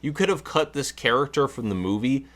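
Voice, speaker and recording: A man's voice: medium pitch, animated, a little fast, fairly bright tone. A man co-hosting a casual film review chat, talking with hesitant, stammering restarts. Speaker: podcast co-host.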